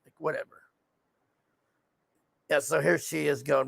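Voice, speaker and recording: A man with a fairly high, steady voice talks a little slowly, sounding gravelly and slightly bright with no echo. He's a TV show reviewer recapping an episode in a casual, rambling rant, frustrated and swearing often. Frequent fillers pad out his profane complaints.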